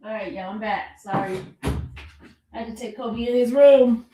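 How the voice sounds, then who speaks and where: A woman streamer chatting casually to her viewers and her dog, animated and full of exclamations. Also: a little high, measured pace, very noisy. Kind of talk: casual live stream chat.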